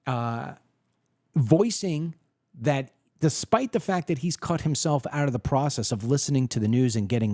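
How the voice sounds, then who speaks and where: A man's voice: no echo, studio quality. Fired-up male political podcast host. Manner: animated storytelling, acts out quoted people in a higher voice. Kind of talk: opinionated political commentary.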